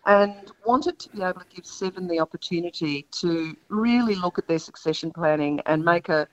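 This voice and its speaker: Older Australian woman, low voice, lo-fi line. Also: moderate pace. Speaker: retiring TV newsreader guest. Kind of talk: reflective radio interview.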